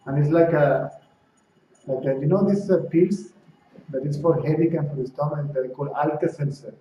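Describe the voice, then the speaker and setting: A man gives a spiritual talk in a roomy, echoing space, heard from a distance on a dull, lo-fi recording with faint noise underneath. His voice is somewhat high but mellow and dark in tone. He talks in a loose, conversational way, often checking in with "right?" and acting out bits of dialogue. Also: normal speed. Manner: acts out dialogue in stories. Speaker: spiritual teacher. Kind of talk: satsang talk to a small audience.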